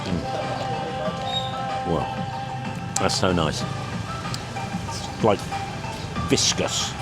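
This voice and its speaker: A man with a slightly croaky voice chatting casually in a travel vlog, trailing off mid-sentence as he talks. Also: low voice, extremely slow, over loud music. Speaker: travel vlogger. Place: outdoors on busy streets and in cafes. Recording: loud street traffic noise. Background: traffic and motorbikes.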